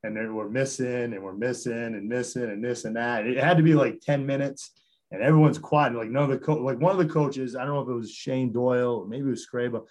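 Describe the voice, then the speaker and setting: A man's voice: medium pitch, fairly even intonation, fast talker, a little mellow. A man from Connecticut, a basketball coach and podcast guest, telling stories in a rambling, self-interrupting way with frequent chuckles. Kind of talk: casual storytelling interview.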